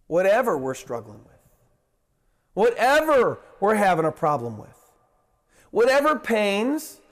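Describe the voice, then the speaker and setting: Male preacher, high-pitched, emphatic, repetitive list-style delivery. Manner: emphatic, repeats words in long lists; restarts and corrects himself. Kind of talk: sermon.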